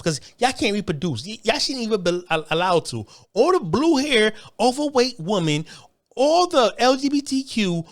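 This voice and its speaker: A man in the middle of a fired-up political monologue. His voice sits high and swings widely, and he curses freely. He keeps stumbling into restarts as he talks. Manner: heated, profane, repetitive restarts. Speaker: online commentator.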